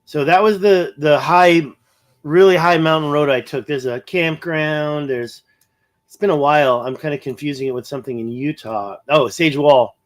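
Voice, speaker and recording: A man's voice: fairly high pitch, moderate pace. A man hosting a casual livestream, thinking aloud as he pans over a map and reads viewer comments. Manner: rambling, thinking aloud, reading viewer chat. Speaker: livestream host.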